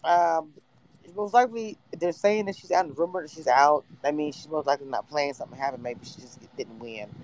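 A man's voice: fairly high pitch, brisk, darkish tone, rough recording. A man giving a casual live reaction to a reality show, hesitant with many fillers.

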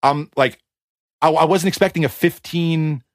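A man with a slightly high voice tells a story in casual podcast chat. He is animated and speeds up in bursts. The sound is close and dry, with no room echo. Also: normal speed.

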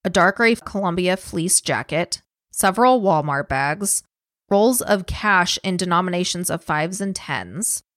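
A woman's voice: on the low side, a little slow, a bit bright, dry recording, clean studio sound. A woman co-hosting a podcast, telling a true-crime story in a casual, profane, chatty way and laughing easily. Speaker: podcast co-host.

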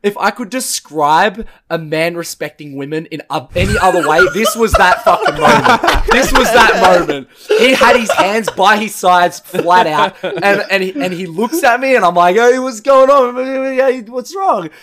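A young man spins a crude, laughing story in casual podcast chat. His voice sits a bit high for a man. He swears constantly and breaks into laughter as he goes. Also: moderate pace, few pauses. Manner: crude, laughing, animated drunk-story telling. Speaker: podcast host.

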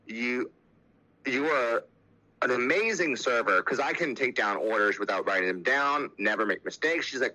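A man's voice: mid-range voice, expressive, bright, forceful tone, low-quality recording. Candid young man telling a hard story. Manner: candid, halting, with many fillers and restarts. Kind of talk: personal recovery story.

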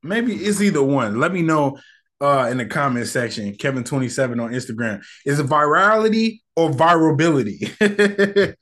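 A man's voice: a little high, expressive, normal speed, a bit bright. A young man hosting a casual solo podcast, talking in a loose, slangy, rambling and candid way. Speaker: podcast host.

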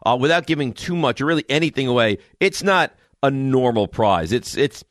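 A man's voice: medium pitch, brisk, dry recording. Guy doing morning radio, wry and worked up telling stories, dry studio mic. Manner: animated storytelling, exasperated and wry. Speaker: radio show host. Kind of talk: casual morning radio banter. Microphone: studio microphone.

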